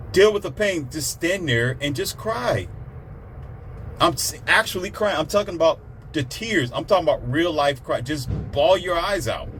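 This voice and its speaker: A man's voice: on the high side, fairly bright tone, slight background noise. A man giving a blunt, preachy motivational monologue, repeating himself to drive points home. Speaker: motivational speaker.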